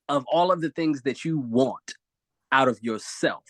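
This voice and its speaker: A man's voice: medium pitch, a little slow, no room sound. A man speaking expressively on a live video-call talk show, giving emphatic motivational advice.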